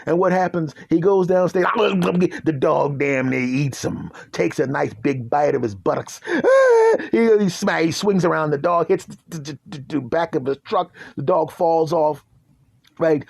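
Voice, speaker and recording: A man hosting a podcast, telling an absurd comic story in an animated way and often asking "right?". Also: on the high side, measured pace, vocal fry, husky, no echo, studio quality. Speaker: podcast host.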